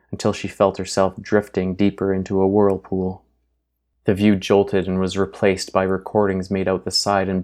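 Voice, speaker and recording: A man reading a novel aloud as an audiobook narrator in steady, even storytelling. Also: sits low. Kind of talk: scripted narration.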